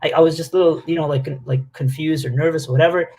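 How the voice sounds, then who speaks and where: Speaking at a racing clip in a husky, slightly high voice, a man hosts a casual group talk about relationships. He's animated and chatty, leaning on fillers and playful acted-out quotations.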